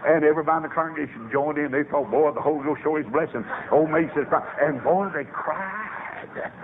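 A man preaching a revival sermon, telling stories with sudden soaring shouts. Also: on the high side, brisk. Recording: tinny phone-like old radio recording with faint hiss.

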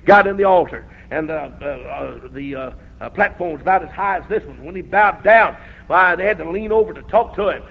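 A man preaching a revival sermon, telling folksy stories and rising to shouts. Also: a little high, a little fast, gravelly, husky. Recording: dull lo-fi old recording.

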